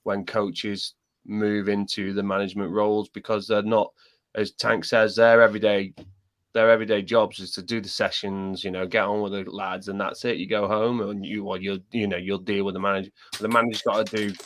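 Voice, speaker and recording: Low-voiced halting podcaster. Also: male voice, flat delivery, fairly bright tone, no room sound. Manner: halting, many restarts. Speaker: podcast co-host. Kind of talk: casual chat.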